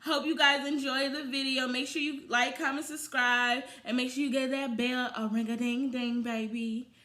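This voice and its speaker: A young woman telling a storytime vlog in a sassy, animated way, getting loud and fast when she quotes herself. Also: high voice.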